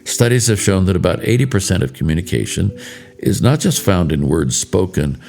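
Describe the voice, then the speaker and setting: Gravelly low-voiced man telling stories. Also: sing-song, darkish tone, faint music behind. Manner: storytelling, measured and earnest. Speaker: devotional speaker. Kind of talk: reflective spoken devotional.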